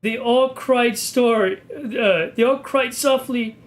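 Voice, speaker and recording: A man giving a mock-serious, deadpan reading of an amateur horror story, stumbling over the text now and then. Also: extremely high pitch, slow pace, soft background music. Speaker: video creator reading a story.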